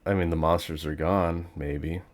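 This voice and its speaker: A man's voice: low voice, fairly even intonation, normal speed. A man giving casual, rambling commentary while playing a video game, thinking aloud with plenty of fillers. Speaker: gaming channel host.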